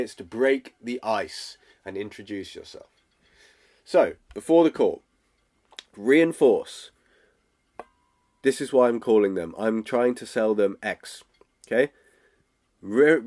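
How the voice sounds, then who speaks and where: A man's voice: mid-range voice, a little mellow. A man, teaching sales in a direct, casual way and often checking in with "okay?". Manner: direct, acts out phone calls, checks in with "okay?". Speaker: sales coach.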